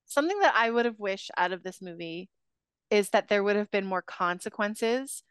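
A woman's voice: mid-range voice, lively intonation, normal speed, fairly bright tone, clear, resonant tone, dry recording, clean studio sound. A woman in a casual podcast chat, talking things through with joking asides. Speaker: podcast co-host or guest. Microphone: podcast microphone.

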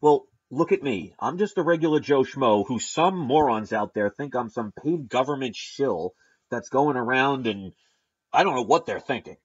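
A man's voice: mid-range voice, expressive, moderate pace, breathy edge, lo-fi sound. Emphatic man ranting with sarcasm. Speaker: channel host. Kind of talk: opinion vlog monologue.

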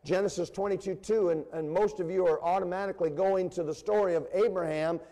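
A man preaching a sermon to his congregation, animated and engaging them with questions. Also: high voice, fairly quick. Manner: animated preaching with call-and-response and playful voices. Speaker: pastor. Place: church sanctuary. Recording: long reverb of a church hall.

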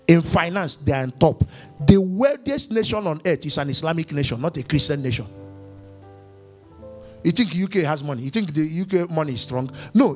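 A man preaching a sermon as pastor, emphatic and repetitive, swinging between quiet and loud. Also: fairly high pitch.

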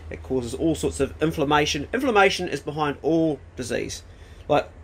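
A man talking bluntly and emphatically to camera, swearing freely while he makes his points. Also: on the high side. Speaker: vlogger. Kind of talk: casual opinionated talk to camera. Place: outdoors in a garden, then indoors.

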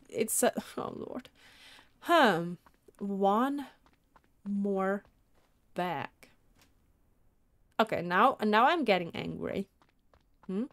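A woman giving casual let's-play commentary, talking to herself excitably and throwing in mild mock swearing as she plays. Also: mid-range voice, no echo. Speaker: gaming video creator.

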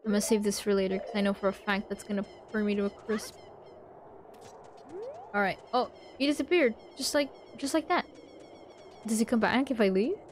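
A woman's voice: mid-range voice, moderate pace, long pauses, a little hiss or hum. A woman casually commenting on her own gameplay, chatting back at the characters on screen. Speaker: let's play host.

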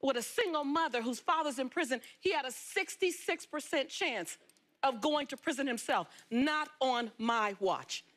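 A woman with a notably high voice tells her life story as a talk show guest. She is from Los Angeles and speaks in an animated, emphatic way. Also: moderate pace. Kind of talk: storytelling interview.

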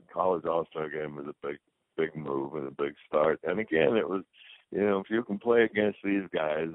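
A man's voice: extremely low pitch, no room sound. An older man, a retired football player, telling rambling anecdotes as an interview guest and acting out the dialogue. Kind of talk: casual storytelling. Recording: dry phone-like lo-fi recording.

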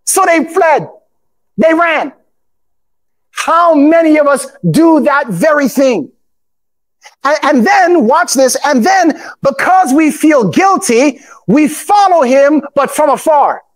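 A male pastor preaching a sermon, calling out to his congregation, breaking into shouts, and reading scripture aloud in old formal English. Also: extremely high pitch. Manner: call-and-response preaching, often bursts into shouts.

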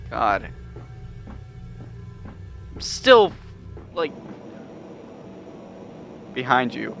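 A man's voice: a little high, animated, unhurried, pauses often, pushed and bright, faint music behind. A man giving nervous, jumpy let's-play commentary on a horror game he is playing. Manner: jumpy, nervous, swears mildly, yelps when startled.

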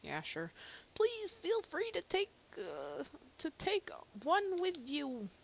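A woman's voice: very high voice, huge pitch swings, slow pace, vocal fry, pitched above the performer's own voice, full character voice, poor audio. A woman voicing a polite male shopkeeper from a video game in a light, chirpy way.

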